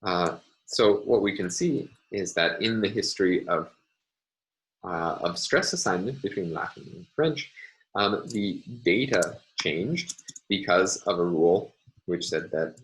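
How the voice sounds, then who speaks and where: A man lecturing on phonology, speaking in a measured, halting way with many fillers. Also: low-pitched, lively intonation, fairly bright tone, slight background noise, low-quality recording.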